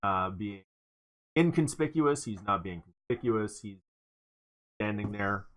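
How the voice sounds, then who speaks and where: A man narrating a tabletop game as its game master. He talks slowly and haltingly, stopping for ums and restarting his words. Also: fairly low pitch, lively intonation, fairly bright tone.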